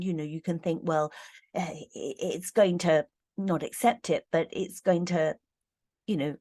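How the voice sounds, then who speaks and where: A woman giving an earnest, halting tarot reading to camera, with many fillers and growing emotion. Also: fairly low pitch. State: getting emotional. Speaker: tarot reader.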